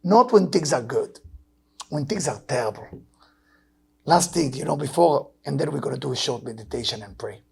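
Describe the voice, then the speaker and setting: A man in his sixties with an Israeli accent, a Kabbalah teacher giving an emotional sermon that swings between loud urging and low, hushed tones. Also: lively intonation, moderate pace, gravelly. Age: 60s. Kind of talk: impassioned sermon.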